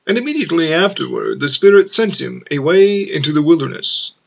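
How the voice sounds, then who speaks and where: A man narrates scripture in a slow, measured reading. His voice is a little high and has a gravelly texture. It is heard on a dull, lo-fi recording. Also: sing-song. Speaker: scripture reader.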